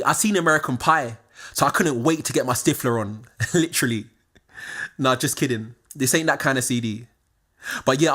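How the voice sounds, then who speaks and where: A man, telling a scripted personal story, moving from quiet confiding tones to excited exclamations. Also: mid-range voice.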